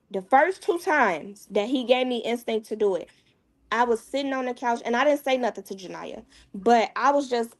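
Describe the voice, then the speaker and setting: A woman, a mother appearing as a guest, tells a painful personal story in a candid, casual way, often dropping her voice low.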